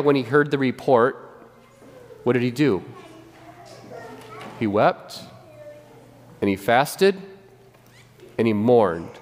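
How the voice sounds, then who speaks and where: A man preaching a sermon as pastor, animated and conversational, often repeating and restarting his words. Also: medium pitch, in a large hall. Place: church sanctuary.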